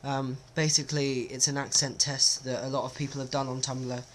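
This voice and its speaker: A man's voice: mid-range voice, level tone, brisk. A man talks casually to camera in a vlog, hesitant and self-conscious, with many ums. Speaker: vlogger. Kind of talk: casual accent-test vlog.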